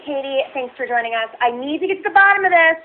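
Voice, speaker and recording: Lady host rambling through a question, lots of ums, slightly high voice, tinny phone sound. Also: animated, fast talker, a little hiss or hum. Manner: hesitant, filler-heavy, meandering. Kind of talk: talk show interview.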